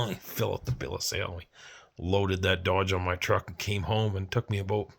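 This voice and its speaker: A man's voice: deep voice, fairly even intonation, a little fast, vocal fry, a bit bright. A man from Canada telling a rambling, profane story in a casual vlog, acting out the people he quotes. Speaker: vlogger.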